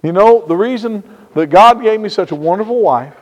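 A pastor from Indiana delivers a sermon in a strikingly high voice. He drops to hushed, low passages, then rises to loud, slow, emphatic preaching. The sound carries the long reverb of a large hall. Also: expressive.

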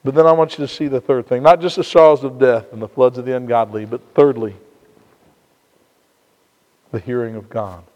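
A man from Indiana preaching a sermon as pastor, swinging from hushed, low passages to loud, slow, emphatic ones. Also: fairly even intonation, dull audio. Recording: long reverb of a large hall.

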